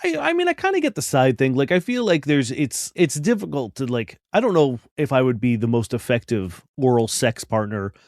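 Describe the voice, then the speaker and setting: A man's voice: medium pitch, sing-song, fairly quick, few pauses, darkish tone, no room sound, studio quality. A man co-hosting a podcast, reading listener letters and chatting casually with a wry manner. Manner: wry, mocks people with put-on quotes. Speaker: podcast co-host.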